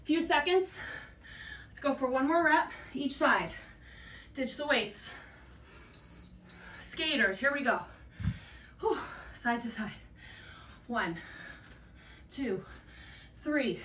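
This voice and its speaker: High, bright and forceful, this instructor's voice carries encouragement as she exercises alongside her class and counts out reps, short of breath. A faint hiss or hum accompanies the distant-mic recording in an echoey space.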